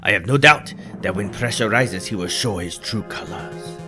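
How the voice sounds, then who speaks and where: Dude doing a low grim inspector bird, slow and ominous, fake accent. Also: male voice, lively intonation, sharp tone, soft background music. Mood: stern. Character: stern suspicious male bird inspector.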